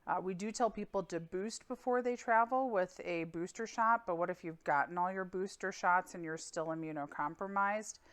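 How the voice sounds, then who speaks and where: A woman physician giving a weekly medical update in a calm, clinical, explanatory way, with occasional fillers. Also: lowish voice.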